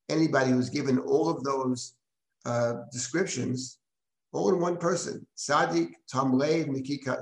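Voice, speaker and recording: A man teaching a live text-study class, reading Hebrew verses aloud and then translating and explaining them with frequent restarts. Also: mid-range voice. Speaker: rabbi teaching a Bible class. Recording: roomy echo.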